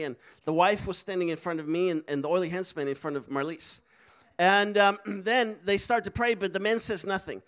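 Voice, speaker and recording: A man's voice: high voice, a bit bright, clean tone. A man preaching a sermon, telling a story with laughs and acting out the voices of people he quotes. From Netherlands.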